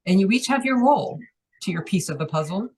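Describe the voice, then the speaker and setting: A woman in a trance-channeling session, speaking for a collective as "we" with a playful, teasing, unhurried delivery. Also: mid-range voice, expressive, a little mellow, breathy edge. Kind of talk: channeled spiritual message.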